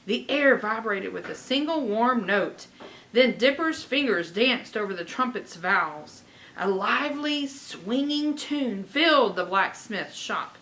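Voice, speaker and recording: A woman reading a children's chapter book aloud with expressive delivery and chatty asides. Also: mid-range voice, rough recording. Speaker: reader.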